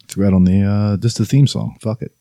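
A fairly low-voiced man trading crude, blunt jokes as a podcast co-host. The recording is dry and close. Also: fairly even intonation, fast talker, warm tone, dry recording, faint music behind. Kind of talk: casual chat.

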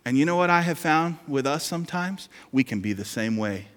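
A man's voice: on the high side, lively intonation, fairly quick, a bit bright. A male pastor preaching a sermon in a conversational, joking way, repeating key lines. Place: church sanctuary. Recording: hall reverb.

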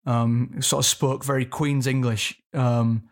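A man's voice: medium pitch, level tone, slow pace. A man in his thirties, an actor, talking reflectively in an interview and searching for his words. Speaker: actor guest. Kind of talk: interview conversation.

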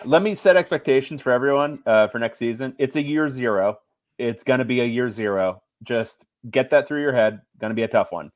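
A man hosting a sports podcast, gleeful and animated, giving blunt opinions in casual chat. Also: mid-range voice. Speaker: podcast host.

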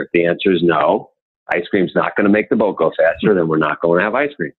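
A man's voice: a little fast, breathy edge. A man telling motivational stories in a guest interview, acting out the people he quotes. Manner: animated, acts out quotes in raised pitch. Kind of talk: motivational storytelling. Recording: tinny phone-like line.

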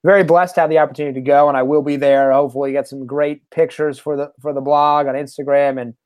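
A man's voice: fairly high pitch, flat delivery, quick pace, darkish tone, no room sound, clean studio sound. A man co-hosting a sports podcast, talking in an upbeat, fired-up way. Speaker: podcast co-host. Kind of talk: casual sports podcast chat.

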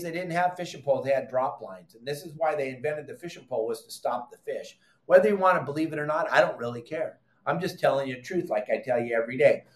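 A middle-aged man hosting a fishing podcast, explaining technique in an emphatic, animated way, repeating his commands and adding exasperated asides. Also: on the high side. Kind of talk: animated how-to fishing talk. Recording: echoey room.

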